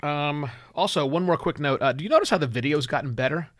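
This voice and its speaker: A man hosting his own podcast live, chatty and self-deprecating, thinking out loud and a little phlegmy, clearing his throat now and then. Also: a little high, fast, dry recording, clean studio sound. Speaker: podcast host. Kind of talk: live-taped solo podcast, casual chat. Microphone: studio mic with headphones.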